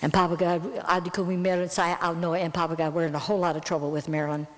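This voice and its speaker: A woman quoting earnest young village men who ask simple, trusting questions, a little higher than her own voice. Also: flat delivery, rapid-fire, big-room sound, heavy background noise, natural voice. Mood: praying.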